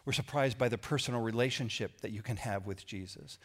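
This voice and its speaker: A man preaching a sermon, who swings from loud emphatic lines to hushed ones and sometimes repeats words mid-sentence. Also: lowish voice, fairly quick. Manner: dramatic shifts between loud emphasis and hushed quoted lines; repeats words when searching for them. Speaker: pastor.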